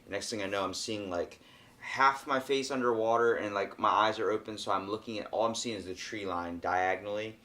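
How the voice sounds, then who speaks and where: Animated young man telling stories. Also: lowish voice, a little fast. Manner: animated storyteller, acts out quoted voices. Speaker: podcast host. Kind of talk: casual chat.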